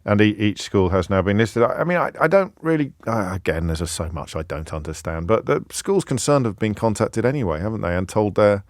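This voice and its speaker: Wry, low-voiced man hosting talk radio. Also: big pitch swings, fairly quick, few pauses, dry recording, clean studio sound. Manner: wry, self-mocking, banters with callers. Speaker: radio phone-in host. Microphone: studio microphone.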